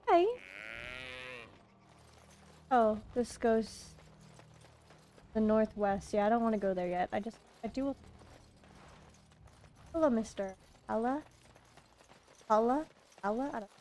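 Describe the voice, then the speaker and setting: Game streamer, woman, high voice, slow casual chat to viewers. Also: animated, dark tone. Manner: chatty, talking to chat while playing.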